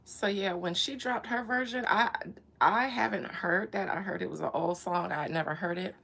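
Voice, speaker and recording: Bright-voiced woman chatting playfully. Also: mid-range voice, normal speed, gravelly, breathy edge. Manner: playful, joking, laughs often. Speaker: vlogger. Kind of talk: casual chat.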